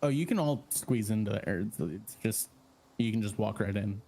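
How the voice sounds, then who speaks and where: A man running a tabletop game as dungeon master, explaining rules in a relaxed way with many fillers. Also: lowish voice, normal speed.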